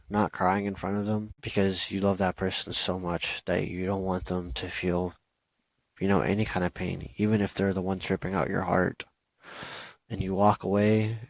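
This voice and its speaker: Male podcast host, lowish voice, earnest advice monologue with "you know" fillers, dry close mic. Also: no echo, low-quality recording. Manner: earnest, repetitive reassurances, frequent "you know" and "okay?".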